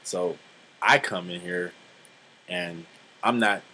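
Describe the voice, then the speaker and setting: Young man, 20s, casual vlog talk, lowish voice, blunt and profane, lots of fillers, faint background noise. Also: slow pace, sharp tone, low-quality recording. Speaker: vlogger.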